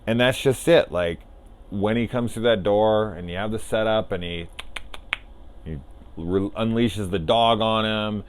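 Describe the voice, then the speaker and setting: A man's voice: lowish voice, a little slow, slight background noise. A man casually rambling through a spoiler discussion of a film as a reviewer, enthusiastic and swearing freely.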